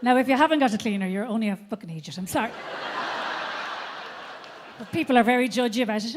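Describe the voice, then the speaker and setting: Brash Irish comedienne, high voice. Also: female voice, fast, long pauses, a little hiss or hum. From Ireland. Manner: brash, profane, animated storytelling. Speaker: stand-up comedian. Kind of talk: live stand-up routine. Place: theatre stage.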